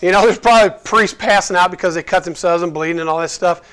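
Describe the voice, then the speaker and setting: A man with a notably high voice preaches in a loose, conversational way. He is lively and cracks jokes. He acts out the people in his story as he goes. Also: fast talker, clean tone. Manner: lively, jokey, acts out quotes. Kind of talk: casual conversational sermon.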